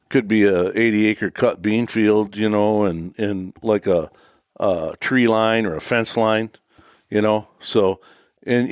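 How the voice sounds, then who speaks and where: Low-voiced laid-back man rambling about hunting. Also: dry recording, studio quality. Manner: relaxed, rambling, many "you know" fillers. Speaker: guest hunter. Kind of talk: casual hunting chat.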